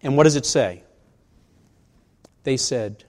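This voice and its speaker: Slightly high and sing-song, this man's voice moves at a normal speed with long pauses. He is a pastor in his sixties, preaching in a conversational manner and asking rhetorical questions, captured with a large hall's long reverb.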